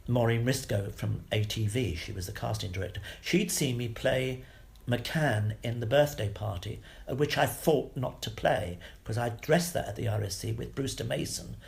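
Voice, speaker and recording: An older man, an actor being interviewed, telling anecdotes in a lively, salty way and acting out the voices of the people in his stories. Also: medium pitch, moderate pace, vocal fry. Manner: animated, salty, acts out quoted voices. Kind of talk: anecdotal storytelling.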